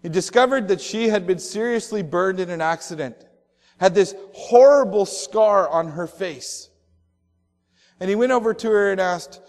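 A male pastor preaching a sermon, telling stories and slowing down on emphatic phrases. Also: high-pitched, long reverb tail.

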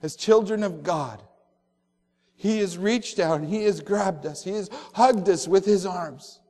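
A male pastor preaching a sermon, telling stories and slowing down on emphatic phrases. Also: high voice, darkish tone, long reverb tail.

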